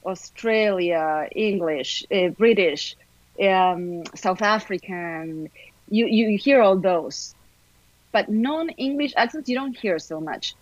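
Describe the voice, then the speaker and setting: A middle-aged actress, chatting in an upbeat way as a podcast guest, talking fast in bursts. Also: female voice, medium pitch, lively intonation, no echo, muffled recording. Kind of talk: casual podcast chat.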